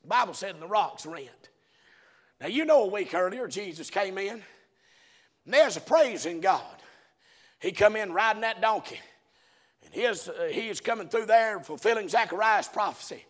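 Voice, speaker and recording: A man's voice: high voice, expressive, moderate pace. A man preaching a fiery sermon, hollering and then dropping to a murmur. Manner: hollering, swinging between shouts and murmurs.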